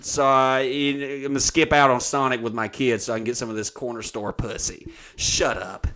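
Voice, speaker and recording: Crude, animated male storyteller. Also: mid-range voice, normal speed, noisy background. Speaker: comedian host. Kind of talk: casual storytelling chat.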